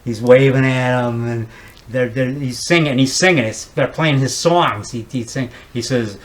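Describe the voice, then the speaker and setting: A man's voice: mid-range voice, moderate pace, poor audio. A man, a horror movie maker as guest, chatting casually and showing props, rambling with frequent stammered repeats.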